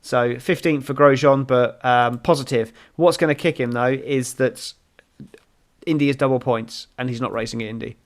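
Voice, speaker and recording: A man's voice: mid-range voice, steady tone, moderate pace. Chatty man talking racing. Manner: rambling, runs through standings with many fillers. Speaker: podcast co-host. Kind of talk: casual motorsport chat.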